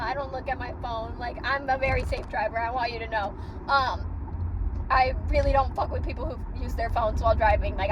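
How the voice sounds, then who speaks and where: A woman's voice: a little high, slight background noise, rough recording. A young woman vlogging casually from her car, talking frankly and swearing as she vents. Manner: frank and profane, venting. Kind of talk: casual vlog talk. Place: car, driving.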